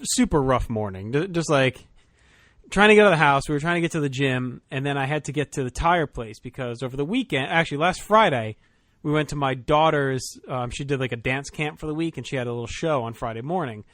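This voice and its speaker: A man's voice: medium pitch, brisk, fairly bright tone, dry recording. Casual swearing podcast host man.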